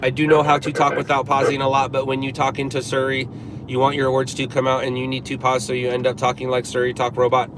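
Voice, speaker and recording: A man in his forties hosts a live stream from his car, chatting casually and rambling with many fillers and restarts. His medium-pitched voice is monotone and fast, with traffic noise behind him.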